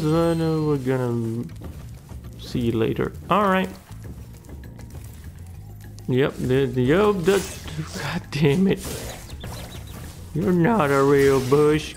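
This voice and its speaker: A man's voice: a little high, vocal fry, darkish tone. A man hosting a gaming channel, giving casual gameplay commentary and muttering and swearing at the game.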